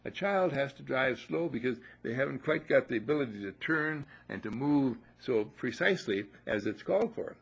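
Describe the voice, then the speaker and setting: An older man talks in a relaxed, folksy way, telling little stories and then urging the listener to believe in themselves. His voice has a gravelly, slightly husky edge. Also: mid-range voice, moderate pace, hardly any pauses. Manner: folksy storyteller, repeats affirmations. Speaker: motivational speaker. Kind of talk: casual motivational talk.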